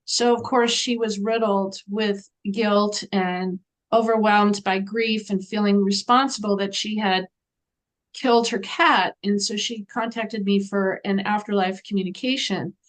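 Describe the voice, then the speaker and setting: A woman guest in an interview, telling a story in an animated way and acting out the voices of people she quotes. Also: mid-range voice, measured pace.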